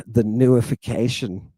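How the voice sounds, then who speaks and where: Upbeat male teacher, mellow and dry. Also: mid-range voice, slightly rough, no echo. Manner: animated, repeats "fantastic" and "right?", addresses listeners as "people". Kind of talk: informal lesson.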